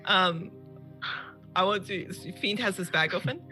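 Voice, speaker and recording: A woman playing a tabletop game, chatty and quick-reacting. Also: mid-range voice, bright, forceful tone, faint music behind. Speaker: player. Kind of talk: tabletop role-play.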